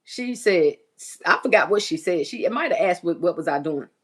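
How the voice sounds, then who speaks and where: Her voice is fairly low, husky, and fairly bright, and she speaks animatedly at a fairly quick clip. A middle-aged woman on a casual livestream, she builds baskets and cleans while chatting and reading viewer comments in folksy Southern US fashion.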